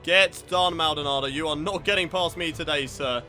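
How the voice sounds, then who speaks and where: A man's voice: a little high, fairly quick, pushed and bright, faint music behind. A young man commentating live on his own racing game, getting frustrated and swearing at it. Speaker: gaming video host.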